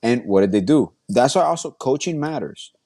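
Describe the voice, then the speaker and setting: A man with a warm, mellow voice of middle pitch discusses basketball on a podcast. He lays out his arguments calmly, point by point. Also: normal speed. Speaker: podcast co-host. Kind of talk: casual sports chat.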